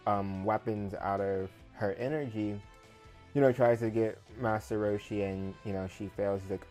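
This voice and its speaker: Male reviewer, lowish voice, loose filler-heavy episode recap, faint guitar bed underneath. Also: steady tone, normal speed, a little mellow, low-quality recording. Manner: rambling, filler-heavy retelling with paraphrased quotes.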